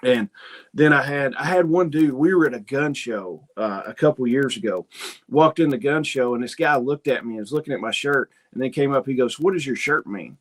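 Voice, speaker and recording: A man's voice: mid-range voice, a little fast. A man hosting a homesteading livestream, chatting casually, reading viewer comments and telling rambling, folksy stories. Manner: rambling, folksy storytelling with quoted asides. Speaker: homesteading channel host.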